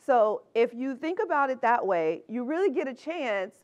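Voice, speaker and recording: A middle-aged woman speaking at a conference with a slightly high voice. She talks in a chatty, upbeat way and laughs often. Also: big pitch swings, moderate pace, muffled recording. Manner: upbeat, conversational. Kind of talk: conference talk.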